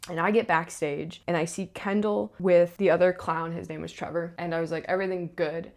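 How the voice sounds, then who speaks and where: Chatty woman with a lowish voice. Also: fairly quick. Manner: chatty, animated, frequent asides. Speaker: stage manager. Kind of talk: casual storytelling to camera.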